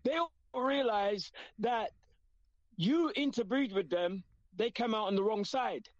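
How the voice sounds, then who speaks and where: A man's voice: high-pitched, unhurried, dry recording. A man calling in to a radio talk show, speaking with emotion and preacherly passion. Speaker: radio caller. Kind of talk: call-in radio discussion. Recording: dull phone line.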